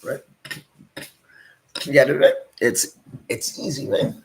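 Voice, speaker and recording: Talking slowly in a mid-range voice on a low-quality recording, a Cebuano-accented Filipino street vendor explains his selling calls to viewers. He's casual, frequently closing lines with "right?" and "guys."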